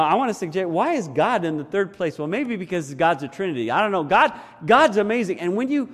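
A man's voice: on the high side, darkish tone, in a large hall. A man teaching a sermon earnestly, his voice lifting with enthusiasm as he explains and often restarting his phrases. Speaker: preacher.

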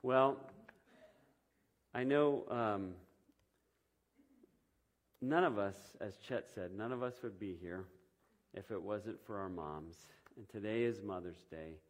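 A man's voice: fairly low pitch, slow, long pauses. A man preaching a sermon in a church, conversational and loose, with frequent ums and restarts. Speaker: pastor.

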